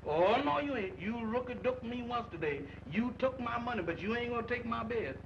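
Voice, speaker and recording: A jumpy, high-voiced roommate. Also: male voice, fairly quick, gravelly, exaggerated voice. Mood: bickering. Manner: excitable, shrill when frightened. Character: excitable young male roommate, easily scared. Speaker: comic film character. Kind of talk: 1940s film comedy acting. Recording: dull old film soundtrack with hiss.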